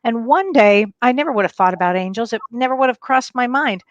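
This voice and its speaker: Woman, middle-aged, talk show co-host, animated storyteller, fairly high voice, dry close sound. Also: a little fast, no room sound, highs cut off. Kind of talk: casual chat, personal storytelling.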